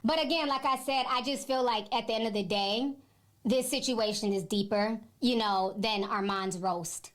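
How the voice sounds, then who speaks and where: A woman host giving her opinion in a measured, persuasive commentary. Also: fairly high pitch.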